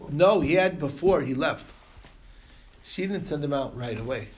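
A man's voice: fairly high pitch, lively intonation, normal speed. A man teaching an informal Talmud class, retelling stories loosely with many fillers and restarts. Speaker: Torah teacher.

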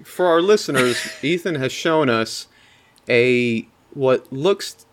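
Rambling man with lively pitch. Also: takes it slowly. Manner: rambling, laughing storyteller. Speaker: podcast co-host. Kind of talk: casual chat.

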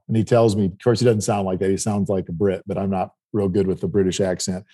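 A man's voice: on the low side, quick pace, hardly any pauses, mellow, slightly rough. A middle-aged man from South Dakota telling a rambling travel story in casual chat. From South Dakota, United States. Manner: rambling anecdotal storytelling with restarts.

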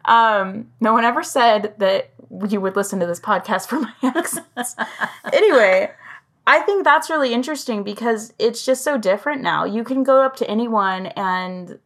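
Young woman podcast host, medium pitch, chatty and upbeat, asks lots of follow ups. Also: moderate pace. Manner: chatty and upbeat, reacting and asking follow-up questions. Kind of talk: casual podcast chat.

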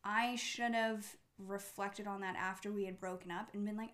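A woman's voice: mid-range voice, steady tone, moderate pace, fairly bright tone. Woman, co-host, casual chat, candid, reflective, swears casually.

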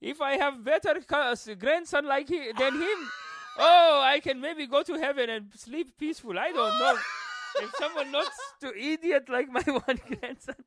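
A man voicing an excitable old immigrant grandfather who pleads melodramatically in broken English. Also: very high-pitched, moderate pace, pitched above the performer's own voice. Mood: melodramatic.

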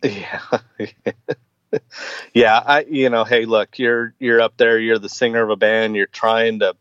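Man, forties, podcast guest, halting casual chat, muffled dry sound. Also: on the low side, fairly even intonation, a bit bright, clear, resonant tone, no echo. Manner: hesitant, many fillers and restarts.

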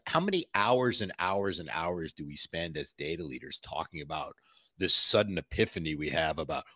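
Male interview guest, deep husky voice, dry close sound, animated storyteller. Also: no echo. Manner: emphatic, animated storytelling with mimicked quotes. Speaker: podcast guest. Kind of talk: conversational interview.

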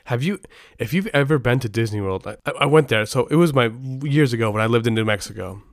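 A middle-aged man chats casually as a podcast host, looping back and restarting his sentences as he goes. His voice is smooth and resonant. The recording is close and dry. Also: mid-range voice, expressive, fast, no room sound. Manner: rambling, self-interrupting, frequent restarts.

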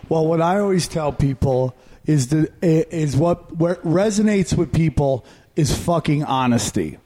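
A man's voice: on the high side, expressive, unhurried, dark tone. A man, a stand-up comedian, giving blunt, profanity-laden advice in a casual podcast interview.

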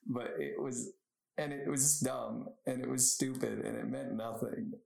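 This young solo podcast host has a gravelly, slightly mellow, medium-pitched voice with fairly even intonation and a measured pace. Recorded in an echoey room, he chats casually, drifts into tangents, and laughs often.

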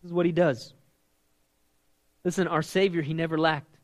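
A young man preaching a casual, conversational sermon, emphatic and swinging between loud and hushed delivery. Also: a little high, steady tone, moderate pace.

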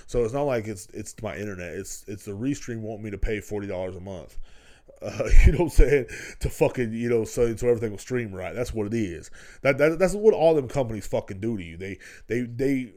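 A man in his thirties talks alone into his podcast mic in a slightly low voice. He rambles loosely and swears constantly. He keeps checking in with his listeners as he goes. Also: animated, a little fast, warm tone. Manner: rambling and heavily profane, with constant "you know what I'm saying". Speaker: podcast host. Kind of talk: casual solo podcast talk.

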